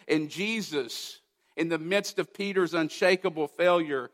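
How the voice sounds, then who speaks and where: Male pastor, pitched a bit high, emphatic sermon delivery with rhetorical questions, long hall reverb. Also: normal speed. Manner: emphatic, rhetorical questions, swings from loud to hushed.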